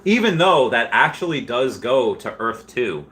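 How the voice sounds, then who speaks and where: A man casually reading live chat and rambling about collectibles, animated and quick to laugh. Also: medium pitch.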